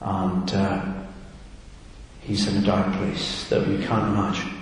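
A man's voice: low-pitched, flat delivery, measured pace, creaky. A man preaching a sermon in a reflective way, often asking his listeners questions. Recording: echoey hall with long reverb, faint noise.

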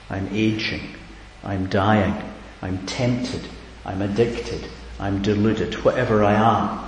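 A man preaches in a low, earnest voice that builds to emphatic repeated questions. His voice rings with a long echo off a large hall. A faint hiss runs beneath it. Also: fairly even intonation, slow. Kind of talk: sermon. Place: church hall.

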